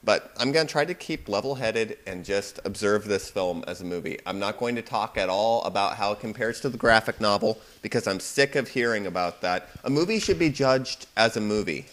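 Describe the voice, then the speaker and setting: A man's voice: on the low side, brisk, few pauses, a bit bright. A young man giving a casual, rambling movie review on his video blog. He talks from a home computer and keeps getting sidetracked. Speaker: video blogger. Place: home room at parents' computer.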